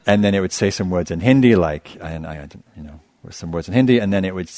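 A middle-aged man, a meditation teacher, giving a dharma talk in a relaxed storytelling manner with self-deprecating humor. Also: deep voice, brisk, hardly any pauses, no room sound. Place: meditation center hall.

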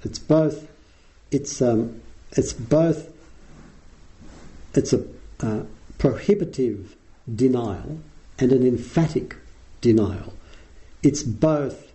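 A middle-aged Australian meditation teacher gives a dharma talk, explaining unhurriedly with frequent ums. His medium-pitched voice is animated and warm, though the recording is rough.

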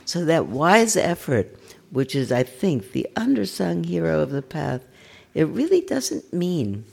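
Older woman meditation teacher, gravelly timbre, animated intonation, gentle and self-mocking. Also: low-pitched, a little slow. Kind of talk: dharma talk. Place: meditation center.

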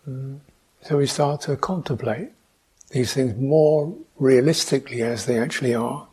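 Man, very husky voice, meditation teacher, slow questioning dharma talk, soft hums. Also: mid-range voice.

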